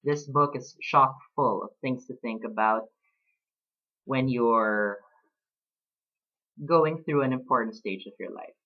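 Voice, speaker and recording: A man in his late twenties speaks in a casual personal vlog, thoughtful and unhurried, with frequent pauses and fillers. His voice sits at an ordinary middle pitch. The recording sounds a little dull and lo-fi. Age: late 20s. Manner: reflective, talks about books with pauses and fillers. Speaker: vlogger.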